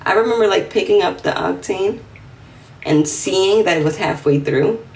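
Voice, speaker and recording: A woman in her twenties with a New York accent, telling a story on a phone livestream in a lively, slangy way and acting out the other voices. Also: medium pitch, moderate pace, creaky. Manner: animated, slangy, acts out quotes in a raised voice. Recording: roomy, slightly distant phone audio with faint room noise.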